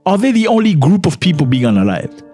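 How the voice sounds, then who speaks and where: Animated male reaction commentator. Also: high-pitched, quick pace, soft background music. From Africa. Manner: animated, indignant, repeats himself for emphasis. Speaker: commentary channel host.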